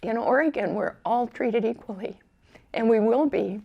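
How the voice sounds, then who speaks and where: An older woman, a veteran, recounting her story quietly in an oral history interview. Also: fairly high pitch, moderate pace, vocal fry, highs cut off.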